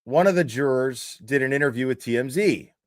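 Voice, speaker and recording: A man's voice: mid-range voice, fairly quick, no echo, studio quality. A man hosting a livestream, talking casually in a profane, mocking rant. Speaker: streamer host.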